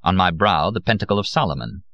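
A man reading an audiobook in an expressive, theatrical way. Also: sits low, fast talker, dry recording, muffled recording. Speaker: audiobook narrator.

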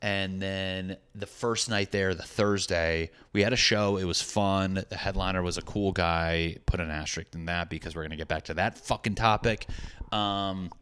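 Young man, stand-up comic, very low voice, loose profane rambling story. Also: fairly even intonation, normal speed, a bit bright, clean tone. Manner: profane, rambling, self-deprecating. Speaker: stand-up comedian. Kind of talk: casual storytelling monologue.

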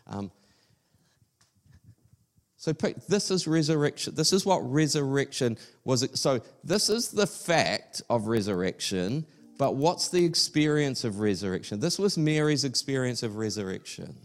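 Conversational male pastor with a gravelly voice. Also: mid-range voice, animated, a little slow. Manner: conversational, fillers and restarts. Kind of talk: sermon. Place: church service.

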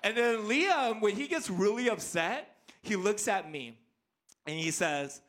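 A man in his thirties, a pastor preaching a sermon as an animated, playful storyteller. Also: high voice, measured pace, a little hiss or hum.

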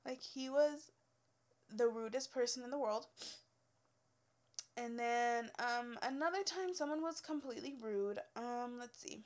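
A woman's voice: on the high side, a little slow. A young adult woman telling stories from her work as a cosmetology student, blunt and profane, with many filler words. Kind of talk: casual storytelling.

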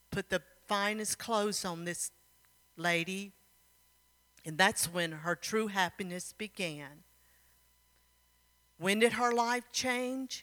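Woman preacher, bright and slow, echoing hall. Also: medium pitch. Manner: storytelling, building to fervent exhortation. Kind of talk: sermon. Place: church.

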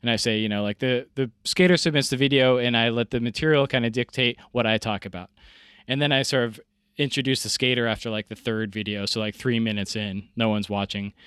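A man's voice: medium pitch, steady tone, a little fast, fairly bright tone, clear, resonant tone, dry recording, studio quality. A man in his forties telling a story in casual chat, rambling and self-deprecating with lots of fillers. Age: 40s.

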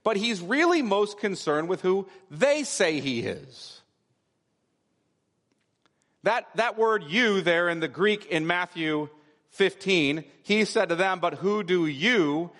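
A man's voice: high-pitched, animated, takes it slowly, fairly bright tone. A man preaching a sermon, explaining scripture with emphatic repetition. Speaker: pastor. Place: church sanctuary. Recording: long hall reverb.

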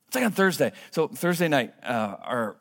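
A man in his thirties preaching a sermon in a church, earnest, moving between hushed and emphatic delivery. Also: medium pitch, very animated, moderate pace, creaky. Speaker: pastor. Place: church sanctuary. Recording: long hall reverb.

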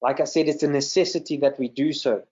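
A man's voice: medium pitch, fairly even intonation, fast talker, a little mellow, muffled recording. A man serving in ministry gives an earnest sermon over a video call, often repeating words as he teaches. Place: video call with screen share.

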